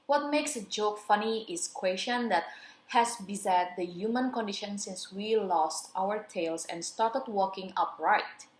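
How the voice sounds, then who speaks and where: A young adult woman, a student, reading a radio interview script aloud with careful pacing and small slips. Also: medium pitch. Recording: roomy echo.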